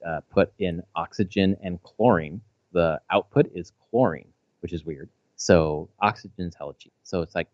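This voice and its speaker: A man's voice: low-pitched, darkish tone, dry recording. A man in his thirties chatting casually as a podcast co-host, rambling with lots of fillers and restarts and swearing freely. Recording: slightly dull, dry audio.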